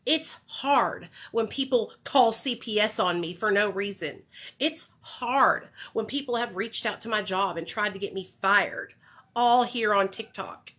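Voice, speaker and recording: A young woman hosts a livestream from her phone, her mid-range voice pushed and bright. She talks casually in a heartfelt, candid way and swears freely.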